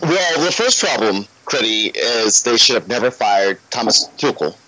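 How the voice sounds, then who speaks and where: Man, podcast guest: lively, rising pitch, gets ranty, dry close sound. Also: normal speed, dry recording, rough recording. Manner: animated, ranty, swears when worked up. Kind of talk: casual football podcast chat.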